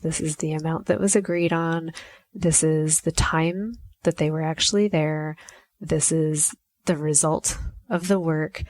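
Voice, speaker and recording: A woman's voice: low voice, no echo. A woman hosting a podcast, talking in a chatty, reflective way and often acting out quoted lines. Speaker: podcast host. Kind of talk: casual solo podcast talk.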